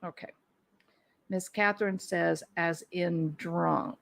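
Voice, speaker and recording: A woman with a lowish, creaky voice hosts a casual livestream, speaking slowly with fairly even intonation. She chats and answers viewer comments, thinking aloud with restarts and small laughs.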